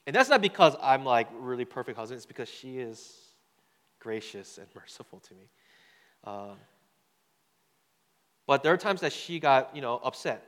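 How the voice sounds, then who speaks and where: A man preaches a sermon built around a personal story, speaking loosely and conversationally, repeating words and asking the crowd "right?" as he goes. His mid-range voice is very animated and a bit bright, at normal speed with frequent pauses. A long hall reverb surrounds the recording.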